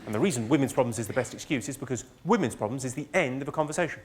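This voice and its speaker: A British man performing live stand-up, delivering one-liners in a dry, deadpan way on a comedy stage. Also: medium pitch, very fast, very noisy. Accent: British English.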